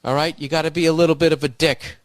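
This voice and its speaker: A man's voice: a little high, fairly even intonation, quick pace, no room sound. A man doing a crude, swaggering comedic rant as a solo podcast host, swearing freely and laughing at his own jokes.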